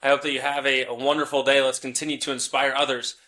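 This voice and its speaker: A man hosting a podcast interview, upbeat and quick with affirmations and a sign-off. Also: medium pitch, level tone, sharp tone. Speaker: podcast host. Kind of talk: casual interview chat. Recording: echoey room, a bit off mic.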